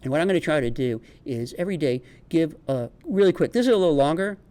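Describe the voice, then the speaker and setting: A chatty middle-aged man with a New York accent and a slightly high voice. He rambles freely, restarting sentences as he talks straight to camera in a homemade vlog. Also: animated, fast, dark tone. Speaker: career advice vlogger and recruiter. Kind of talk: casual homemade vlog monologue.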